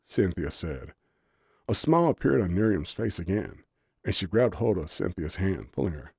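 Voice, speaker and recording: Guy reading a story audiobook, warm mellow tone, very expressive, dry close sound. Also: deep voice, normal speed, gravelly, breathy edge, dry recording. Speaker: audiobook narrator. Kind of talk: scripted storybook narration.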